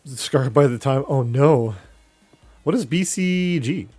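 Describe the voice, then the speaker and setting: Slow-talking man streaming a game. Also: mid-range voice, lively intonation, a little mellow, faint music behind. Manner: chatty, reacting and talking to chat while playing. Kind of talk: casual live game commentary.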